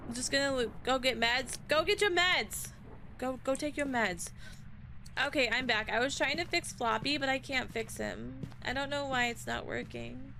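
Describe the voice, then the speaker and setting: Woman streamer, slightly high voice, slow flustered chat, faint noise behind. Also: gravelly, pushed and bright, low-quality recording. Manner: flustered, panicky, talks to chat. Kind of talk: casual live-stream chat. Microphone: desk microphone.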